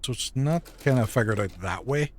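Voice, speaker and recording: A man's voice: mid-range voice, lively intonation, normal speed, a little hiss or hum. A man with a Northern Irish Derry accent streaming a game live, thinking aloud in a chatty way and swearing casually. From Northern Ireland. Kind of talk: casual live gameplay commentary.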